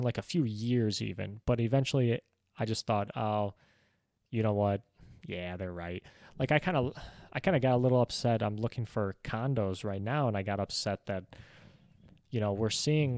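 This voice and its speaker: A man's voice: mid-range voice, darkish tone, dry recording. Easygoing young man, dry close sound. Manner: easygoing, rambling, many "like" fillers. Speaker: book reviewer. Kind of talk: casual book summary monologue.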